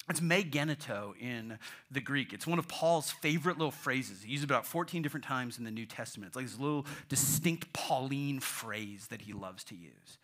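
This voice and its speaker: A man preaching a sermon in an animated way, acting out voices and dropping to a whisper for effect. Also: on the high side, normal speed. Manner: animated, acts out voices, swings from loud to whispered. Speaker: pastor.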